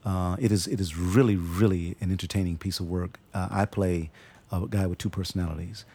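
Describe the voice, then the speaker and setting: Low gravelly-voiced man, halting talk. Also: steady tone, warm tone. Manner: halting, repeats words, demonstrates voices. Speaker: actor, interview guest. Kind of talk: casual interview conversation.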